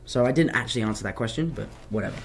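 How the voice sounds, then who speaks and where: A young man, an actor answering fan questions in a casual live chat, telling stories in an animated, self-mocking way. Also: medium pitch, very fast, slight background noise.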